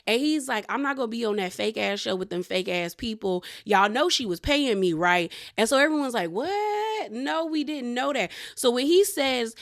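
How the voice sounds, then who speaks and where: A young woman recapping a reality show in casual commentary, acting out quotes of the cast members. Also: medium pitch.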